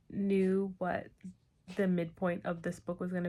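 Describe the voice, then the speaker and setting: A young adult woman chatting late at night with a slight lisp from retainers, tired but excited. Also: on the low side, takes it slowly.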